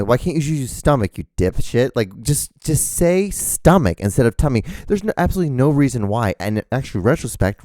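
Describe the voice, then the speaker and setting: Podcast guy rambling solo, swears a lot, mellow dark voice, dry close sound. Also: mid-range voice, no echo. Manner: rambling, profane, self-mocking. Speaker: podcast host. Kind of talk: casual solo podcast chat. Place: indoors, rain outside. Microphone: microphone, host wearing earphones.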